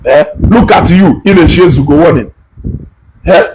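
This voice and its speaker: A man giving heated, animated commentary, switching languages and repeating phrases for emphasis. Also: a little high, normal speed, background noise. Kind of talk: heated social media commentary.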